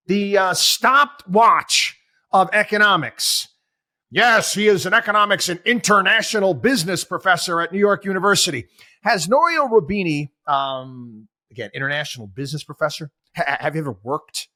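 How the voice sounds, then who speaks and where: A talk show host delivers opinionated talk radio commentary, sarcastic and exasperated, packed with rhetorical questions. His voice sits on the high side with a sharp tone, recorded in clean studio quality with no echo.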